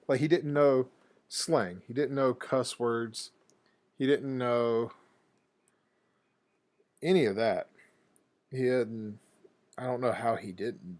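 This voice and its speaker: A man's voice: medium pitch, a little mellow. A man streaming a video game and telling a loose, profane anecdote in casual talk. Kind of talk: casual rambling anecdote over gameplay.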